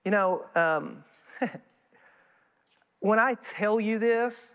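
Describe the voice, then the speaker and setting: High-voiced preacher in a reverberant hall. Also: male voice, very slow. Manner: folksy, animated storytelling with quoted voices. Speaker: guest preacher. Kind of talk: sermon. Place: church sanctuary. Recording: long church hall reverb.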